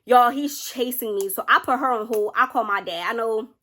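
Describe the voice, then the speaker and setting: A young woman vlogger telling a personal story in a chatty, animated way, often speaking straight to her viewers. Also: on the high side, normal speed. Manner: chatty, animated, keeps addressing viewers directly. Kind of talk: casual storytime narration.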